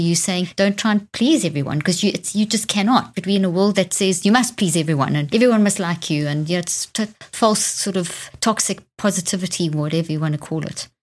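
Woman hosting a chat, slightly low voice, keeps cheering the guest on, says stuff like love that. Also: fairly quick, hardly any pauses. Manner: enthusiastic, affirming. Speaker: interviewer and author. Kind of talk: casual chat.

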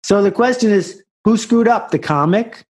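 A man's voice: high-pitched, moderate pace. A man, an author, talking as a guest in an interview and building anecdotes toward a punchline. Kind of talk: conversational storytelling.

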